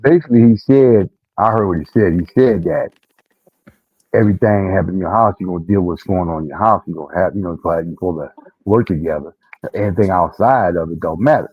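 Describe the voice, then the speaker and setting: A man from Detroit talking in a casual panel discussion, animated and climbing high when he vents. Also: fairly quick, breathy edge, dry recording. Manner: animated, rising to a high pitch when venting. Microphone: online call mic. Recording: dull, lo-fi online call audio.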